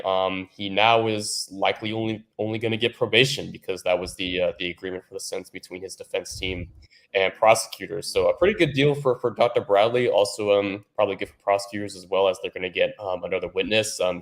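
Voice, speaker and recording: A man, a newspaper reporter, answering interview questions in a halting way with many ums and restarts. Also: on the low side.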